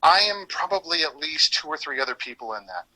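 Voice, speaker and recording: In this low-quality recording, a man who used to do voice acting speaks briskly in a fairly high pitch while casually recounting stories for an interview. He stays animated throughout, breaking into laughter often and performing the dialogue he quotes.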